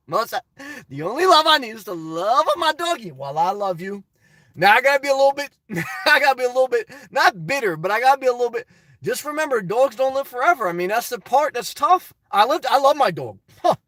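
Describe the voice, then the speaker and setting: A man's voice: high voice, fairly bright tone, no echo. A man casually reading viewer comments and answering them bluntly, rambling with restarts. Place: lives in his car.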